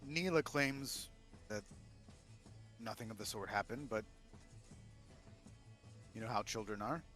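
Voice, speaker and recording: A man voicing a courteous school mage who speaks calmly and obligingly. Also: fairly low pitch, unhurried, soft background music.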